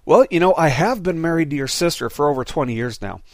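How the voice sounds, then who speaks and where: Folksy, unbothered deacon, laid-back drawl, dry close sound, as a preacher puts him on. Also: male voice, fairly high pitch, expressive, fast, darkish tone, dry recording. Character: calm, unbothered old church deacon, folksy. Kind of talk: joke told in a sermon.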